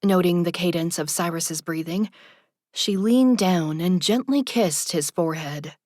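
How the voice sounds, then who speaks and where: A woman reading an audiobook narration in a soft, even, intimate manner. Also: on the low side, measured pace, no echo, studio quality.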